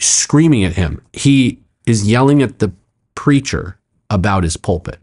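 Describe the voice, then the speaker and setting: A middle-aged man, a pastor, telling a story in a podcast conversation, narrating quickly and acting out the quoted speech with sudden jumps in pitch. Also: darkish tone. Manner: fast, emphatic narration with frequent "like" and "I'm like".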